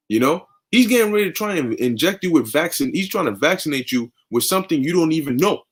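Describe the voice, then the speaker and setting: A man's voice: a little high, animated, quick pace, hardly any pauses, breathy edge. A young man teaching scripture in a fervent, conversational way, often tagging sentences with "man" and "okay". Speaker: preacher.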